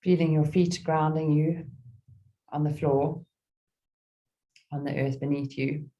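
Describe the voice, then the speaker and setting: A middle-aged woman guides a meditation in a soft, unhurried voice, leaving gentle pauses between phrases. Her tone is low and warm. She reads a poem with the same calm, soothing care. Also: highs cut off. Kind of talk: guided meditation with a poetry reading.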